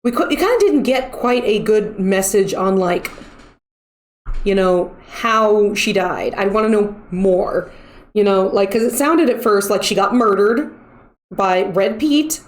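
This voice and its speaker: A woman's voice: mid-range voice, animated, unhurried. A woman streamer chatting casually as she wraps up a live stream, rambling with lots of fillers. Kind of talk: casual stream wrap-up chat.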